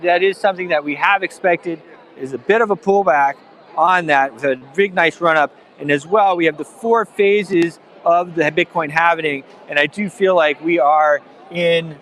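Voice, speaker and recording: Streaming live from outdoors at a conference venue, a man with a slightly high, fairly bright voice offers event commentary. He rambles, with lots of fillers and restarts.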